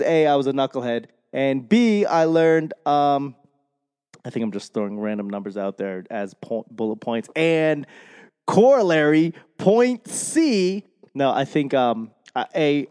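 Boston dude rambling into his mic, slow, smooth voice, kinda echoey long reverb. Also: mid-range voice, a little mellow. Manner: rambling, self-deprecating, swears freely. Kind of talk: casual rambling monologue. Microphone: microphone.

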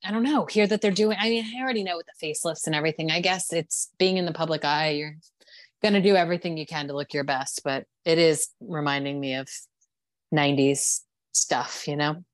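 Podcast co-host, woman, slightly low voice, opinionated and chatty, dry mic. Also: brisk, dry recording. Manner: chatty, opinionated, many "like" and "you know" fillers. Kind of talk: casual chat.

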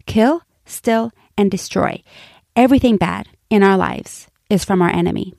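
A woman's voice: medium pitch, normal speed, vocal fry, a little mellow, no echo, clean studio sound. A middle-aged woman pastor giving an earnest, encouraging devotional message and speaking straight to her listeners. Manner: emphatic repetition, light laughs.

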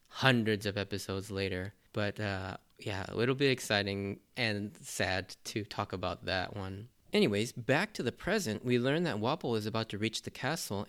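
Smooth-voiced man laughing through an anime recap. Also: fairly low pitch, fairly bright tone. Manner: enthusiastic, laughs often while recapping. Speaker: anime reviewer. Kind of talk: episode review commentary.

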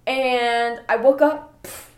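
A young woman co-hosting a casual podcast, telling a story in an animated way and swearing freely. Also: on the high side, slow pace. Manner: animated, swears a lot, acts out her own story. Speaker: podcast co-host. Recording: echoey room.

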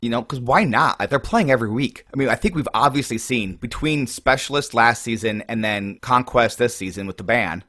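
A man's voice: mid-range voice, fairly quick, few pauses, pushed and bright, no room sound, clean studio sound. A man co-hosting a card-game podcast, chatting casually and rambling with lots of fillers. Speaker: podcast co-host.

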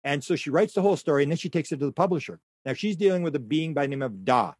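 A middle-aged man's slightly high voice spills out story after story, rambling and restarting as he goes. He acts out the people he quotes along the way. The sound is close and dry, with no room around it. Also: lively intonation, rapid-fire, a little mellow, no room sound. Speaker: guest. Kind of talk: conversational storytelling.

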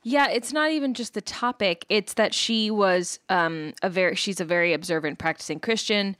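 A woman's voice: medium pitch, normal speed, fairly bright tone, smooth, no echo, studio quality. A woman co-hosting a podcast, chatting casually about a TV episode and filling in background trivia. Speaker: podcast co-host. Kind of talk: casual chat recapping a TV episode.

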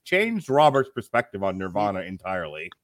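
A man's voice: low-pitched, big pitch swings, a little fast, a crowd in the background. A man hosting a casual movie review podcast, reading critics' quotes aloud with a wry, laughing manner. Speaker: podcast host.

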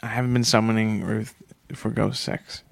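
A man's voice: fairly low pitch, little pitch movement, normal speed, creaky, no echo. Playful male comedy podcast co-host. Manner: playful, flustered when teased.

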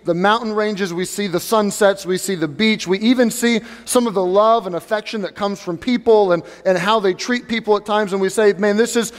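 A man with a high voice preaches a sermon and talks straight to his congregation. His voice rings out with the long reverb of a large church hall. He preaches in a relaxed, conversational way. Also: a little fast, few pauses. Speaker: pastor. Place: church sanctuary.

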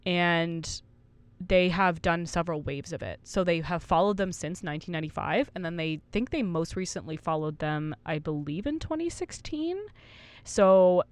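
Woman in her 20s, lowish voice, chatty podcast cohost, laughs at her own flubs. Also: expressive, normal speed, smooth, no room sound. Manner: reads study quotes aloud, laughs at her own slips. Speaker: podcast co-host. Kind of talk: casual podcast chat.

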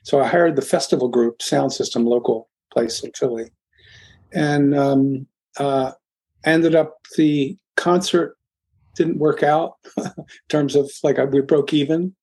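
Mellow older man, rambling storyteller. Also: on the high side, fairly even intonation, husky. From Philadelphia, USA. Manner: rambling, halting, with frequent restarts. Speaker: guest, music producer. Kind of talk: casual interview storytelling.

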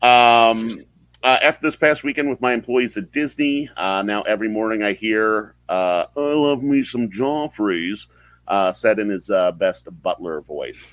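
A man hosting a casual live podcast chat, talking in a halting way with many fillers and restarts. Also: lowish voice, a bit bright, dry recording, rough recording. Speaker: podcast host.

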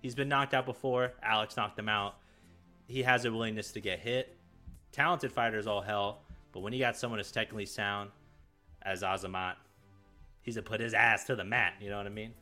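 A guest on a sports podcast, this man talks with a forceful, bright edge and hypes up every point in slang. Faint music runs underneath his voice. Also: on the low side, steady tone, fairly quick. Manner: hyped, emphatic, slangy. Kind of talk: casual sports chat.

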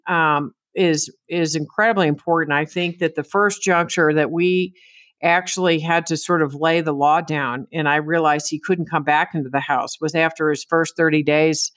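A woman's voice: deep voice, fairly bright tone, no room sound. Earnest woman guest, dry sound. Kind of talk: casual conversation.

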